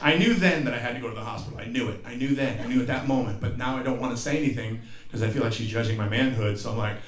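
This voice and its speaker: Performing live stand-up to a laughing theater audience, a man in his forties spins profane stories, doing voices and breaking into sudden yelps. He's a fast talker with a mid-range voice and rarely pauses. Crowd laughter echoes through the roomy venue recording.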